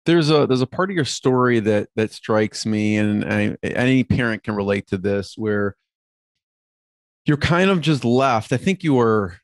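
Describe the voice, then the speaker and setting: A man hosting a podcast interview, asking questions in a relaxed conversational way. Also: mid-range voice, unhurried, no echo. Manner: relaxed, conversational, uses fillers. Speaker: podcast host.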